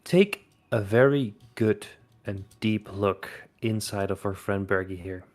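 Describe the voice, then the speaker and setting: A man with a fairly low voice plays his character at a tabletop game, asking pointed questions in a direct, curious way. He speaks at an ordinary pace. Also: measured pace, a little mellow. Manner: inquisitive, direct. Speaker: player.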